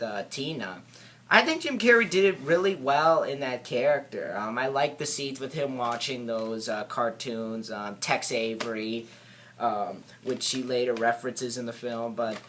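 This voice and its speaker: A man giving a casual spoken film review, hesitant and halting, with many filler words and restarts. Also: mid-range voice, a bit bright, slight background noise.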